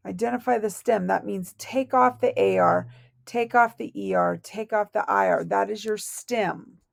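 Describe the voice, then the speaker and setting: A woman's voice: mid-range voice, big pitch swings, unhurried, gravelly, no echo, clean studio sound. A woman teaching a recorded language lesson, patiently spelling out verb endings letter by letter. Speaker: Spanish teacher.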